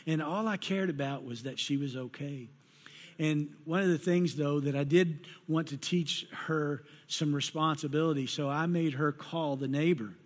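A man's voice: fairly high pitch, normal speed. A middle-aged man preaching a sermon, telling folksy personal stories and acting out the voices of the people in them. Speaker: pastor. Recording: long hall reverb.

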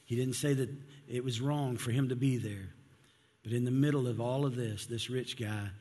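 A man's voice: medium pitch, steady tone, normal speed, dark tone, breathy edge. A male pastor preaching a sermon in an earnest, conversational way. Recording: long hall reverb.

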